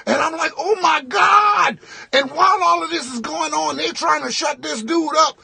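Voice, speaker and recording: A male comedian telling a funny story in an animated, fast vlog from inside a tractor, with lots of repetition. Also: very high-pitched, vocal fry.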